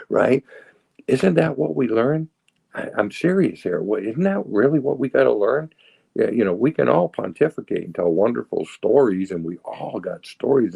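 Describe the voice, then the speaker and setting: A man's voice: sits low, vocal fry, dark tone, husky, no echo, poor audio. An older man from south of Boston giving a personal recovery talk, telling stories and acting out what people said, often repeating his words. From United States, south of Boston. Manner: storytelling, repeats words, acts out quotes. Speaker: recovery speaker.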